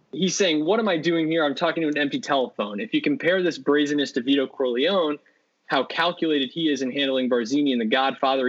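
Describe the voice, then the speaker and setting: A man co-hosting a podcast, talking about movies with enthusiasm and rambling through fillers and restarts. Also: mid-range voice. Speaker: podcast co-host. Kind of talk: casual movie discussion. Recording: dull lo-fi sound.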